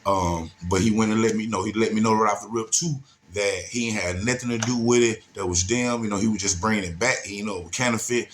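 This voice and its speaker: A man's voice: on the low side, fairly even intonation, fairly quick, hardly any pauses, slight background noise. A man casually telling a story, laid-back and slangy, with many asides.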